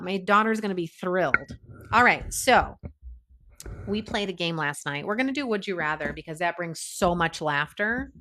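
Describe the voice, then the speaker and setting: A woman hosting a relaxed livestream, talking straight to her viewers. She keeps reading out their names and comments and laughs often between lines. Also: mid-range voice, slight background noise. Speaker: livestream host. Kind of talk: casual livestream chat with viewers.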